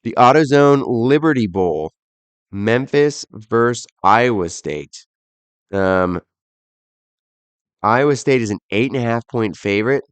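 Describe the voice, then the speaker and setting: This young man hosts a casual solo football podcast, offering bowl predictions by rattling off odds and picks in an offhand, self-deprecating manner. His medium-pitched voice has lively intonation, though he speaks slowly and pauses often. The tone is clean and the recording dry.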